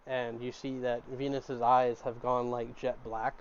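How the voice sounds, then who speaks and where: A man's voice: medium pitch, little pitch movement, a little slow, hardly any pauses, a little hiss or hum. A man narrating a tabletop game as game master, in a loose, filler-heavy storytelling way. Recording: dull lo-fi recording.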